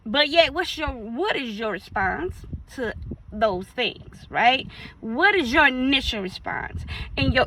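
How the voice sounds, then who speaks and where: A woman's voice: high-pitched, big pitch swings, slow, fairly bright tone, a little hiss or hum, low-quality recording. A woman minister preaching casually, acting out little dialogues in playful voices.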